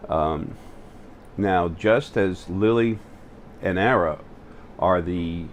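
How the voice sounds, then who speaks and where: A man hosting his own spiritual video channel, talking to the camera in a halting way, full of fillers and restarts. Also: sits low, a little hiss or hum. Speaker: channel host. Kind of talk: spiritual vlog monologue. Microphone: facing the camera.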